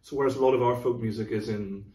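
Here a middle-aged man, much like a music director, talks fast about classical music in a casual chat, explaining thoughtfully and vocalizing rhythms. His medium pitch stays fairly even and mellow, heard through a distant mic with room echo.

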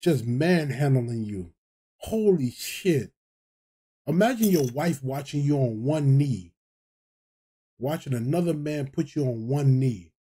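A young man reacting to football highlights as a streamer, talking casually in heated, profane trash talk and disbelieving exclamations. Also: animated, a little slow, warm tone, husky.

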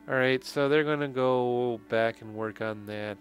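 A man's voice: medium pitch, level tone, measured pace, few pauses, a bit bright, faint music behind. A man narrating a game playthrough in casual commentary, with joking, sarcastic asides and frequent laughter. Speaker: let's play commentator.

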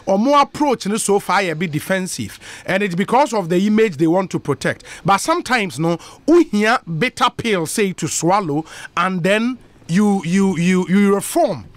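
An earnest Ghanaian man makes his case on a talk radio show, his voice high and animated. He argues in a measured, deliberate way. The studio sound is close and dry. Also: dry recording.

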